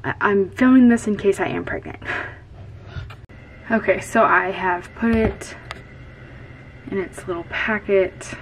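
A woman's voice: mid-range voice, low-quality recording. A woman vlogger whispering and rambling in a small closet, filming herself on a camera close by. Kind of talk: hushed personal vlog. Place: small closet in her bathroom.

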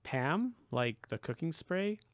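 A man playing a blunt, curious teenage boy who asks quick, wry questions. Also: on the high side, big pitch swings, no room sound, voice pushed up.

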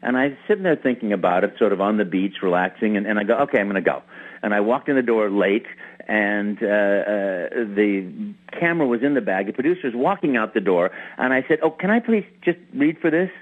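A man in his fifties, a voice actor guest in an interview, telling a story in an animated way with lots of repeated words and restarts. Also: fairly low pitch, fairly quick. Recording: tinny phone-like radio line.

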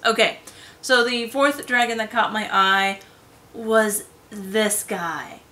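A woman giving a casual solo review vlog, gushing and chatty, often trailing off into soft whispered asides. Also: mid-range voice, fairly even intonation, slow pace. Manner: chatty, fillers and self-corrections. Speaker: game lair reviewer.

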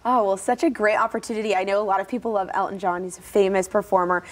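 A woman's voice: mid-range voice, steady tone, fast. A woman, a TV news anchor, introducing and interviewing a guest live in the studio with an upbeat, encouraging manner.

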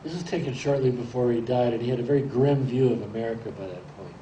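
A man in his sixties giving a rambling, anecdotal talk about his photographs, halting now and then as he tells his stories. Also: medium pitch, highs cut off. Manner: rambling storyteller, relaxed and halting. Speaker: photographer presenting his pictures. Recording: roomy echo, distant mic, faint hiss.

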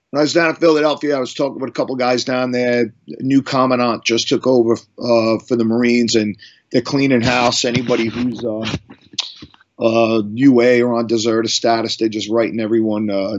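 A middle-aged man from Long Island tells his story in a loose, rambling way, full of restarts and fillers. His voice sits in an average pitch range. The audio is slightly muffled. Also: little pitch movement, normal speed. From Long Island, New York. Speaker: guest musician. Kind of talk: casual storytelling interview.

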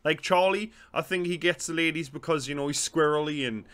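A man with a Geordie accent, chatting excitably and swearing while reacting to a comedy show. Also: on the high side, a little fast. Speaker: reaction video host. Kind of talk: casual reaction commentary.

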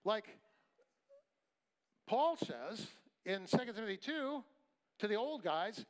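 High-voiced pastor preaching emphatically. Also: male voice, sing-song, takes it slowly, pauses often. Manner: emphatic, conversational preaching with sudden drops to quiet storytelling. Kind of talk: sermon. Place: camp meeting hall.

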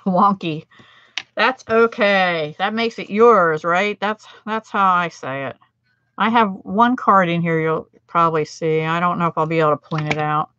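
A woman's voice: on the low side, a little slow, fairly bright tone, no echo, dull audio. A middle-aged American woman demonstrating card making on a livestream, chatting with viewers and laughing at her own mistakes. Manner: chatty, self-deprecating, laughs often.

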